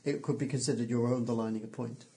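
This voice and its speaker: A man's voice: medium pitch, fairly even intonation, fast, gravelly, warm tone. A man running a tabletop role-playing game as game master, narrating scenes and explaining rules with hesitant fillers.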